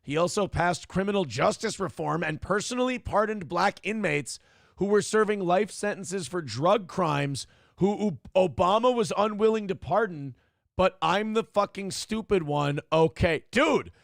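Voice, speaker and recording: A man's voice: sits high, expressive, moderate pace, gravelly, dry recording, clean studio sound. A man hosting a casual political commentary livestream, rambling and sarcastic, swearing freely as he reads comments aloud. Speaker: show host.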